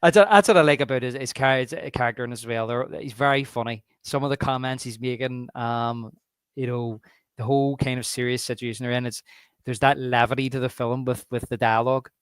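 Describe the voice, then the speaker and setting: A man from Northern Ireland with a Belfast accent, co-hosting a casual film podcast and acting out movie lines in quick impressions. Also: mid-range voice, steady tone, smooth, no echo, clean studio sound. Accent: Northern Irish (Belfast). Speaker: podcast co-host.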